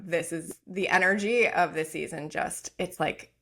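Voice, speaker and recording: A woman's voice: lowish voice, measured pace, a bit bright, slight background noise. A woman hosting a podcast in a casual chat, gushing and upbeat, often using "like.". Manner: gushing and upbeat, heavy use of "like". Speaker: podcast host and oracle coach.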